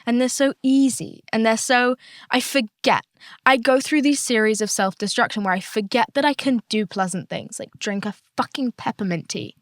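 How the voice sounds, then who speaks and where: A woman's voice: on the high side, normal speed, no room sound. A young woman, hosting a casual solo podcast, candid and chatty and swearing freely. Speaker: podcast host.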